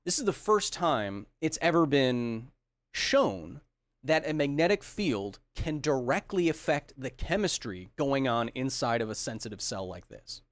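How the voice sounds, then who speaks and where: A man's voice: medium pitch, sing-song, measured pace, no room sound. Upbeat science podcast host, man. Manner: enthusiastic, jokey, reads chat comments aloud. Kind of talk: casual livestream Q&A.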